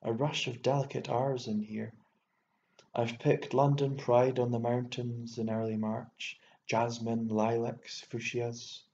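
A man voicing a fussy, excitable elderly bachelor landowner who rambles and exclaims, stammering when worked up, in an audiobook reading. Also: medium pitch, slow pace, creaky. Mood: enthusing. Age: older. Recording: echoey room, dull lo-fi sound, faint hiss.

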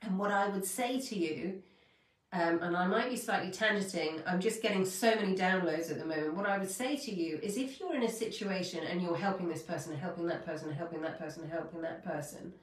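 A woman's voice: medium pitch, brisk, echoey room, recorded from a distance. A woman hosting a spiritual podcast, telling a story in a heartfelt, rambling way and correcting herself as she goes. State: near tears. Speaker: podcast host. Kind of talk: spiritual coaching talk.

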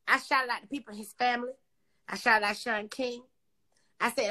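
A woman's voice: a little high, steady tone, moderate pace, long pauses, sharp tone. A woman hosting a phone livestream, talking casually in a brash, profane, mocking way. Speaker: Instagram live host.

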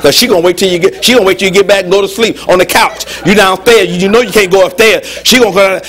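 A man preaching a lively, humorous sermon as pastor in a church, with call-and-response. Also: sits high, very fast, hardly any pauses. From United States.

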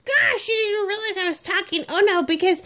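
A sassy, fed-up baby girl doll, as a woman voices her with an extremely high, squeaky voice. She grumbles and complains in an exasperated rant aimed straight at the viewers. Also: quick pace, bright, forceful tone. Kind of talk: comedic monologue in character.

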